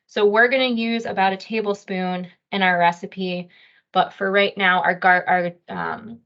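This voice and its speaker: A woman dietitian leads a casual cooking demonstration, explaining each step plainly with the odd "um". Her voice sits at a middle pitch. The recording sounds a little dull and lo-fi. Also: expressive, a little slow, fairly bright tone. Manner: friendly step-by-step explaining with fillers. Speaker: dietitian teaching a cooking class.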